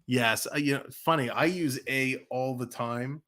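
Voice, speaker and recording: A Canadian man with a light Canadian accent streams live hockey, calling the plays and answering his chat in between. His voice sits mid-range in pitch, and his talk turns quicker and more urgent when a rush heads for the net. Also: pushed and bright. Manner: chatty, reads chat aloud, quickens on plays. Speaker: play-by-play streamer. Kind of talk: live play-by-play commentary with chat. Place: home, living in the US.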